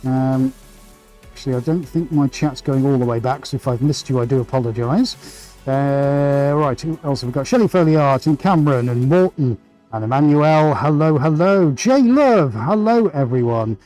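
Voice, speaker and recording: A man's voice: mid-range voice, lively intonation, moderate pace, mellow, soft background music, rough recording. A man hosting a live painting stream, chatting energetically and greeting viewers by name. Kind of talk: casual live-stream chat while painting.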